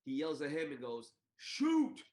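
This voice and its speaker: A male podcast co-host recounts a story in relaxed conversation. He performs the quoted bits with sudden pitch leaps. His voice sits at a medium pitch and rings in a reverberant room. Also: a little fast. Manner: animated, acts out quotes with big pitch jumps. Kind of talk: casual storytelling chat. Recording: roomy echo.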